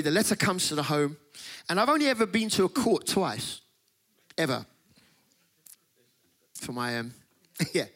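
Middle-aged male preacher, high-pitched, animated storyteller, quick to laugh. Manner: animated, laughs often, acts out voices in stories. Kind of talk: sermon with comic storytelling.

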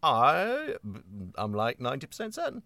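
A man's voice: on the high side, huge pitch swings, normal speed, gravelly, bright, forceful tone, slight background noise. A man, a voice actor, chatting casually in a cast Q&A and rambling through his thoughts. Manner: rambling, trails off and restarts. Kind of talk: casual chat.

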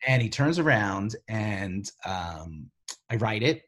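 A man who writes for television, telling stories from his career in a rambling, animated way, full of "like" and "you know.". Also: on the low side, takes it slowly. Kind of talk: casual storytelling interview.

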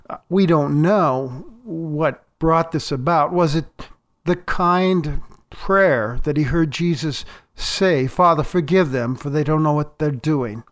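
Slow, high-voiced male pastor preaching. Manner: measured, deliberate preaching with emphatic pauses. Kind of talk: sermon.

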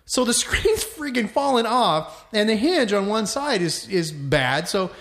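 Man, podcast co-host, rowdy storyteller, swears a lot, slightly higher voice. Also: measured pace. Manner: animated storyteller, swears freely. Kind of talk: casual chat.

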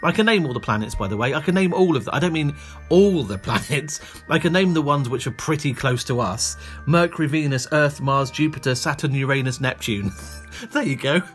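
A man's voice: a little high, animated, a little fast, fairly bright tone, faint music behind. A male comedian hosting a podcast, chatting playfully and joking at his own expense. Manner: chatty, playful, self-mocking. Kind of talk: casual podcast monologue.

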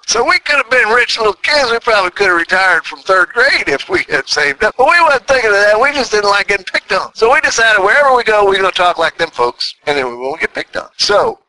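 A man's voice: high-pitched, very animated, fairly quick, bright, forceful tone, poor audio. An older man from New York talking in a folksy, rambling monologue as a podcast host, chuckling often. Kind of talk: casual monologue.

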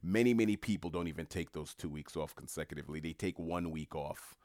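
A man's voice: a bass voice, brisk, darkish tone, no echo, clean studio sound. A middle-aged man talking casually to his viewers in a rambling, musing way with mocking asides. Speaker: commentator.

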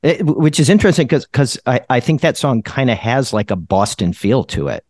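A man hosting a casual interview, halting and repeating words as he starts his questions. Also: mid-range voice, very animated, a little mellow, no room sound. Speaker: podcast host.

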